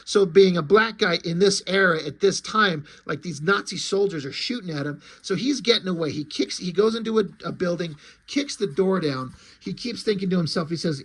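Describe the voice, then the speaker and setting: A man's voice: high-pitched, animated, normal speed, a bit bright. A man casually walking through a comic book, chatty and swearing freely.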